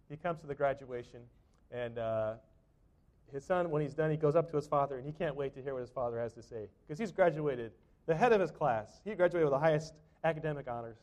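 This middle-aged pastor's voice is medium-pitched and a little mellow. Preaching in the church sanctuary, he talks conversationally, often restarting and using fillers.

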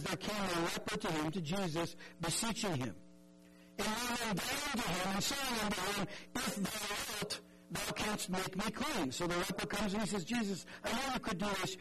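A man's voice: sits high, normal speed, loud music behind the voice, low-quality recording. A man preaching a sermon in an earnest, conversational way, often repeating words and acting out the voices in the story.

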